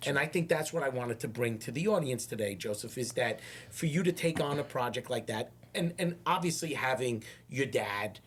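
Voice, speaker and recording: A man hosts a casual podcast interview in a husky voice. He rambles and repeats words, and he slows down to stress what matters. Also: mid-range voice, expressive, a bit bright. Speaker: podcast host.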